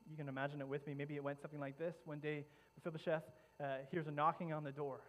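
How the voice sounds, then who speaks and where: Brief: male pastor, vivid dramatic storytelling sermon, somewhat high voice, lots of restarts. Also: level tone, quick pace, low-quality recording.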